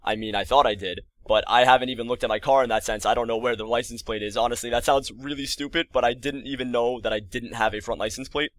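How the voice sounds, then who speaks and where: A young man in his early twenties, recounting a frustrating story in a casual, rambling way. His voice sits at a middle pitch and sounds close and dry, with no room around it. He keeps slipping into exasperated asides. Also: fairly even intonation, quick pace, few pauses, no room sound. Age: early 20s. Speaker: vlogger.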